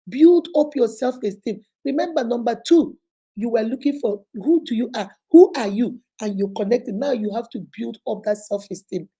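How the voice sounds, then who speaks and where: A woman with a somewhat high, husky voice gives motivational relationship advice with a preacher's insistence. Her tone is mellow rather than bright, and she talks straight to her listeners as sister and baby. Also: normal speed. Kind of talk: motivational faith-based advice talk.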